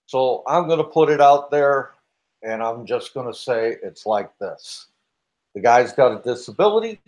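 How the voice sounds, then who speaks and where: A man hosting, scolding callers profanely and threatening to mute them. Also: mid-range voice. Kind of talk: heated argument.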